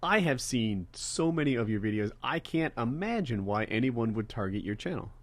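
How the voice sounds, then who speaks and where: A man hosts a casual podcast chat, joking and animated, with a voice that swings widely in pitch. The sound is dry and close. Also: moderate pace, no echo. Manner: animated, jokey, mimics others. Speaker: podcast host.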